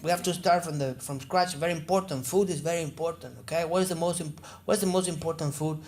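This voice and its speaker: A man's voice: on the high side, fast, natural voice. A man doing an eager Mexican tourism advisor. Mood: salesy. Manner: pushy, salesman-like, animated.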